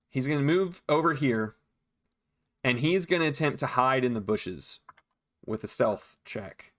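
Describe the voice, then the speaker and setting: A man narrating as dungeon master, relaxed, with frequent ums and restarts. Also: a little high. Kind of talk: narrating a tabletop game.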